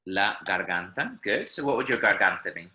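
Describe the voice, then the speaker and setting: Male language teacher, bright tone, checks in with students often. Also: fairly low pitch, sing-song, fairly quick, slight background noise, low-quality recording. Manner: patient, explains and checks understanding. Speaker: Spanish teacher. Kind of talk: online language lesson. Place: online class, speaking from Medellín. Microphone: video call.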